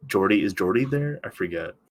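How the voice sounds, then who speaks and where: A young man co-hosts a casual podcast in a somewhat low voice. His talk is loose and joking, packed with fillers as he works through his thoughts. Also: animated, a little fast. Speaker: podcast co-host. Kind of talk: casual chat.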